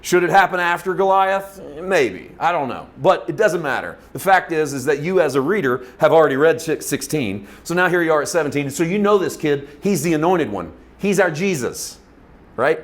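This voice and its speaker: A man teaching a Bible lesson, retelling the story in an informal, animated way and laughing often. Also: on the high side, moderate pace.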